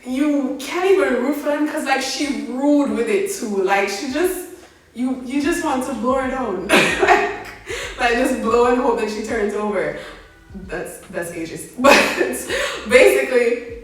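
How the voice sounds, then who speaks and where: A young woman, telling a story in a casual, slangy, animated way and laughing along as she goes. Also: sits high, slow. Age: young adult. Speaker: vlogger. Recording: very echoey room, mic at a distance.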